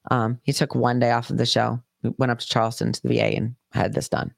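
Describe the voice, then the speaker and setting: A woman's voice: extremely low pitch, level tone, fairly quick, creaky, no room sound, studio quality. A woman podcast host telling a personal story in a casual, swearing, chatty way. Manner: profane, chatty, acts out quoted voices.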